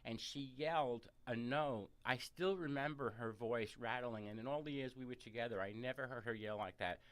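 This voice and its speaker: A man's voice: mid-range voice, normal speed. New man telling a story. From New York City. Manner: animated storyteller, many fillers and restarts. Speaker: massage therapist, interview guest. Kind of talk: personal storytelling in a radio interview. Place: radio studio. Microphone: studio microphone, close.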